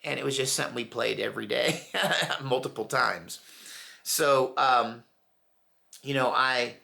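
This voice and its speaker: Middle-aged man, gravelly voice, bright tone, casual rambling commentary, mimics voices. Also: mid-range voice, measured pace. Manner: storytelling, mimics voices, laughs at own jokes. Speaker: commentary channel host.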